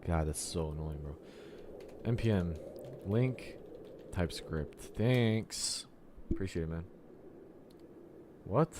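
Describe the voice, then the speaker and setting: A man's voice: low voice, lively intonation, takes it slowly, long pauses, noisy background. A young man, a programmer, ranting profanely and with exasperation at his computer during a solo recording. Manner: exasperated and profane, talks to the software. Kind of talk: frustrated solo screen-recording rant.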